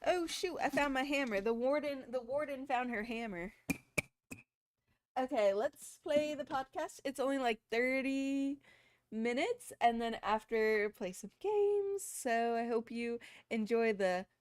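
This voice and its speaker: A woman's voice: sits high, lively intonation, a little slow, clear, resonant tone, no echo, clean studio sound. A woman chatting casually with her viewers on a live stream, rambling from one thing to the next.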